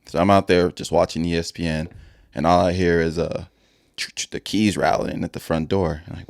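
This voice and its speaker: A man's voice: low-pitched, steady tone, moderate pace, no room sound, clean studio sound. A man co-hosting a podcast, telling a rambling story in casual chat with frequent restarts and self-corrections. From Wisconsin. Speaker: podcast co-host.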